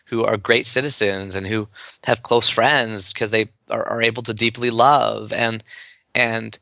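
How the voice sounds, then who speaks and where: A man talking as a podcast guest, animated and fast, with lots of fillers and restarts. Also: on the low side, creaky, no echo, highs cut off. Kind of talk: enthusiastic conversational interview.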